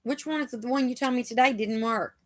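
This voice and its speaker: A woman's voice: on the high side, fairly quick. A middle-aged woman, hosting a casual live chat and telling chatty stories, acting out what the doctors said. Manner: chatty storyteller, acts out the doctors' lines.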